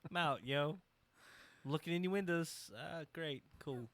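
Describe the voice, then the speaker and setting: A man's voice: a little high, unhurried, fairly bright tone, voice pushed up. A man doing a fed-up wrestler dropping character.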